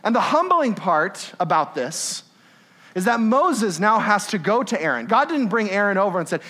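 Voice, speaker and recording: A man's voice: high-pitched, normal speed. A young man preaching a sermon in a conversational way, often asking "right?" and acting out little scenes. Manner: animated and conversational, with laughs and tag questions. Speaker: pastor.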